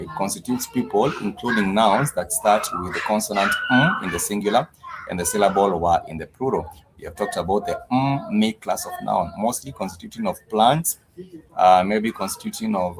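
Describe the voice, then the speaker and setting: A man's voice: fairly low pitch, background noise. A man teaching a language lesson on a live stream, patiently repeating each word several times.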